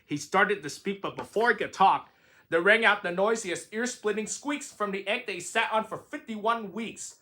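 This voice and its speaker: A man's voice: sits high, moderate pace, pushed and bright. A man reading a rhyming picture book aloud with a sing-song delivery. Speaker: reader.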